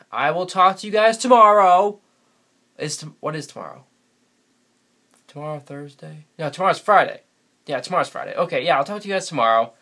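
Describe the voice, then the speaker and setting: A bright-voiced, medium-pitched guy from New England, USA, makes a casual solo vlog. He sits alone in front of a camera using its mic, rambling and chatting with lots of laughter.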